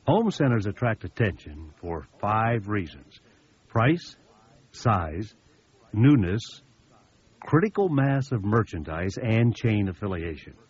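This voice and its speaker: Husky guy with a lowish voice doing a sales seminar, chatty stories, kinda muffled old tape sound. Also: very animated, slow pace, a little mellow. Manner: folksy, anecdotal, emphatic repetitions. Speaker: business seminar speaker. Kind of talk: sales training talk. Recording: dull lo-fi recording.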